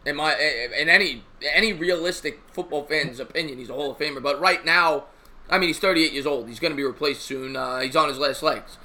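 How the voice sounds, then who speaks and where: An energetic man hosts a live sports call-in stream, talking fast with callers and chat. His voice is bright and slightly high. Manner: energetic, joking, talks to chat. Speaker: host.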